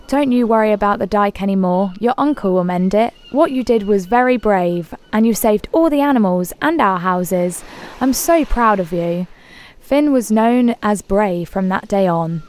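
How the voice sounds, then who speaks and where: A woman reading a children's folk tale aloud in a calm, plain way. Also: mid-range voice, normal speed. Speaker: story reader. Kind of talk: storybook reading.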